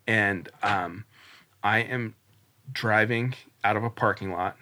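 A man in his forties talks as a podcast guest, with a bright, clear-edged tone. He tells his story earnestly and loosely. He keeps restarting sentences and leans on little fillers. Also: fairly low pitch, slow. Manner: earnest, rambling, many restarts and "like"s. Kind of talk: casual storytelling interview.

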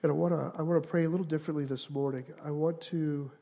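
A man preaching a sermon as pastor, earnest and repeating phrases for emphasis, rising to louder passages and falling quiet for prayer. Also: fairly high pitch, steady tone, fast, gravelly.

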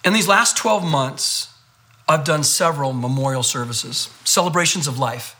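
A male pastor delivers a sermon through lively storytelling. His voice is high and bright, and he repeats phrases for emphasis. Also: normal speed.

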